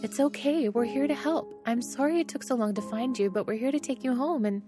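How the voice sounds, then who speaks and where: A high, shrill young princess who blurts out everything in urgent bursts, as a woman reading a storybook puts her on. She sounds indignant and excitable. Music plays softly beneath her. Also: measured pace, full character voice. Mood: strained pleading. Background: background music.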